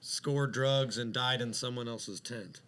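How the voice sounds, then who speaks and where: A man's voice: medium pitch, fairly even intonation, unhurried, a bit bright. Profane, rambling podcast storyteller man. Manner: rambling, profane, lots of fillers. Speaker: podcast co-host. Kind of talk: casual storytelling chat.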